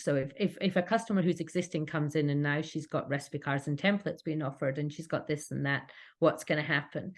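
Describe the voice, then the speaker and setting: A Scottish woman talking earnestly as a podcast guest about running her business, with frequent restarts. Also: low voice. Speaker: cake kit business owner, podcast guest. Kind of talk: casual interview chat.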